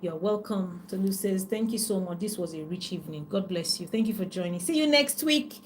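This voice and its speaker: Nigerian woman coach, middle-aged, casual live-stream host, talkative, mid-pitched voice. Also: a little fast, noisy background. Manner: chatty, animated, reads out viewer comments. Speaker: life and business coach.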